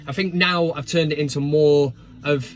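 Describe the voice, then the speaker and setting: A man's voice: on the high side, steady tone, normal speed. A man hosting a casual football chat vlog, full of jokey banter and swearing. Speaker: host.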